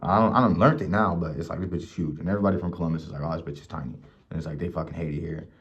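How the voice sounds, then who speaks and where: A young man from Ohio with a very low voice tells stories in a loose, profane vlog rant. He gets animated and acts out the people he quotes. The recording sounds dull and lo-fi. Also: rapid-fire, gravelly. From Mansfield, Ohio. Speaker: vlogger. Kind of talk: casual storytelling rant.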